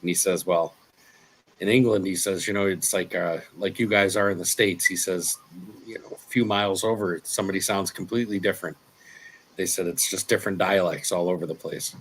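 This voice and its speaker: Laid-back male co-host, deep voice, relaxed anecdotes. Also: fairly quick, slight background noise. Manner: easygoing storyteller, laughs softly. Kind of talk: casual chat.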